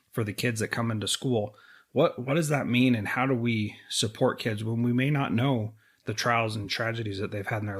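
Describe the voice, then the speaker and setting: A middle-aged man hosting an interview podcast, earnest and emotional as he talks and asks questions. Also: fairly low pitch. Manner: earnest, emotional when talking about loss. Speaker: podcast host.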